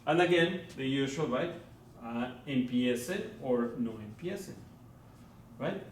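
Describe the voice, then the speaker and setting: A man teaching a Spanish grammar lesson, speaking slowly and repeating words while checking in with his listeners. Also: medium pitch. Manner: slow and deliberate, repeating words, checking in with "right?" and "okay?". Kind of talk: classroom lecture. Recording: echoey room, voice from far off, faint background noise.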